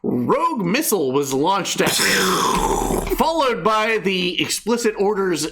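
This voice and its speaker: A man's voice: sits high, very animated, takes it slowly, gravelly, noisy background. A man hosting a casual comedic news show, reading stories and adding sarcastic, exasperated asides.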